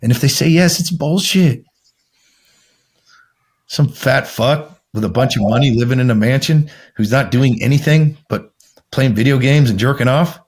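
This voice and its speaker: A husky male coach talks bluntly, swearing freely as he pushes listeners to stop lying to themselves. His voice sits mid-range, with a preachy, intense drive. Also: mid-range voice, moderate pace, a little mellow. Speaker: men's coach, podcast guest. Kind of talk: blunt motivational talk.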